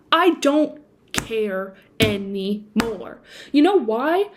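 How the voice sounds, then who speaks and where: A woman's voice: a little high, a little slow, slight background noise. A young woman vlogging at home into a built-in laptop mic, talking animatedly and bursting into snatches of song. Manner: animated, swings between quiet musing and bursts of excitement; sings snatches of songs between sentences. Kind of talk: casual sit-down chat to camera. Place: indoors at home, seated.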